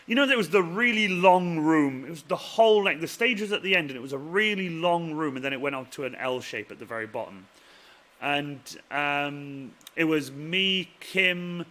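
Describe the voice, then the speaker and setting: A man hosting a casual chat, telling animated stories that trail off quietly at the end. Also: normal speed. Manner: animated storyteller, voice drops low and trails off at the ends of stories. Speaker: host.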